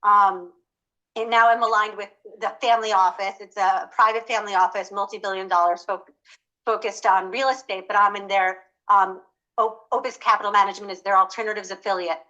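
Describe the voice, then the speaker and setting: Bright-voiced woman on a conference panel. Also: mid-range voice, fairly even intonation, fairly quick, muffled recording. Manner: conversational, with many fillers and self-corrections.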